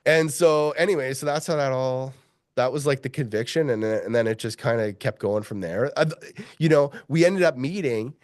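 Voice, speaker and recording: Profane, animated man telling a mining story. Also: medium pitch, moderate pace, no echo, clean studio sound. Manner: profane, animated, acts out quoted voices. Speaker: mining geologist guest. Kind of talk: storytelling interview.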